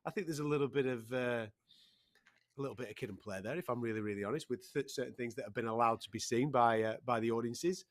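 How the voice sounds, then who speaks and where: A man's voice: mid-range voice, fast talker. A man hosting a live broadcast, conversational and steering the talk, with many fillers. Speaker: host.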